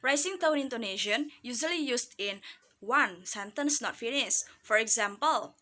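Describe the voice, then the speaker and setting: A woman's voice: on the high side, animated, moderate pace, bright, forceful tone. A young woman with an Indonesian accent presenting to a class, explaining steadily and reading example sentences aloud. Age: young adult. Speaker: student presenter.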